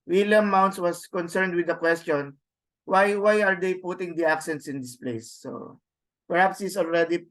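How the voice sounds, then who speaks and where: Slow, halting male Greek teacher. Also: fairly high pitch. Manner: halting, many restarts and fillers; slow, explains step by step. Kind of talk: online class lecture. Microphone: video call.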